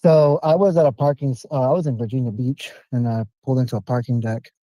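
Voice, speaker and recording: A man calling into a podcast, telling a story with animated, profane street slang. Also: medium pitch, quick pace, no echo, rough recording. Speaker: caller. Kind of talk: casual storytelling on a call.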